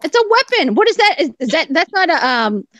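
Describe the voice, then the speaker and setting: High, lively chatty woman. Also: fairly quick. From Massachusetts. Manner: chatty, laughing, self-mocking. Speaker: group chat participant. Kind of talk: casual group video chat.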